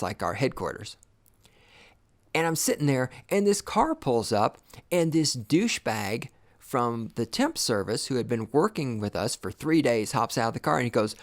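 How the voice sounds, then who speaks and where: A man's voice: mid-range voice, very animated, a little slow. A man hosting a podcast, delivering an angry, scornful, profane rant. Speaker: podcast host. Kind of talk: profane ranting monologue.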